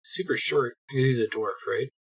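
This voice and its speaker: Husky man reading game text. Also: medium pitch, normal speed. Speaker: let's play streamer. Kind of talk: gameplay commentary, reading game text aloud.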